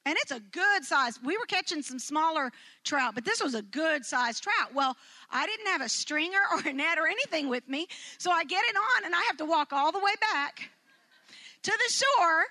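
Speaking to a live audience, an animated woman recounts a personal story at a moderate pace. Her high, bright voice jumps even higher as she acts out quotes, and she laughs through the funny moments.

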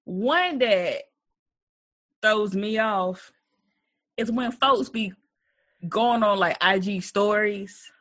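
A young adult woman co-hosting a podcast in casual chat, ranting in an animated way with playful mock quotes. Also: mid-range voice, very slow, pauses often. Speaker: podcast co-host.

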